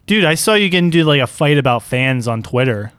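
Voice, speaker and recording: A man's voice: mid-range voice, lively intonation, brisk, fairly bright tone, clean tone, no room sound. A man hosting a podcast in casual, joking chat, speaking into a studio microphone. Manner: joking, playful, swears casually. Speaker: podcast host.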